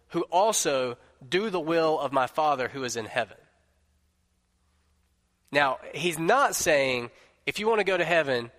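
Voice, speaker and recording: A male pastor preaches an emphatic sermon, leaning on repetition to drive his points home. His voice sits somewhat high for a man, and it rings with the long reverb of a large church sanctuary. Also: fairly bright tone.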